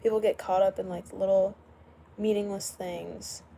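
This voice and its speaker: A woman's voice: mid-range voice, fairly even intonation, moderate pace, creaky, dark tone, slight background noise. A young woman hosting a casual late-night livestream, chatting loosely, greeting viewers by name and laughing often. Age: young adult. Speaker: livestream host. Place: indoors at home, late at night.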